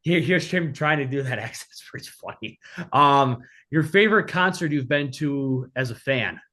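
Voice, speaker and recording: A man's voice: medium pitch, animated, normal speed, sharp tone. Male host asking casual questions. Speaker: interviewer host.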